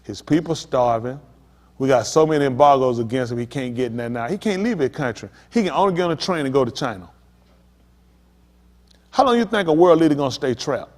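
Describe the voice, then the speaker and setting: A man's voice: mid-range voice, expressive, fairly quick, a little mellow. A male pastor preaching a sermon, talking straight to the congregation with emphatic, pressing questions. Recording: long hall reverb.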